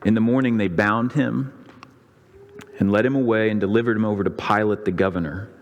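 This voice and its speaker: Pastor, male, lower pitch, dramatic sermon storytelling, church-hall reverb. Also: fairly even intonation, a little fast, lo-fi sound. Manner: dramatic storytelling, voicing the crowds' and priests' lines with rising pitch. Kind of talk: sermon retelling a scripture story. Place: church sanctuary.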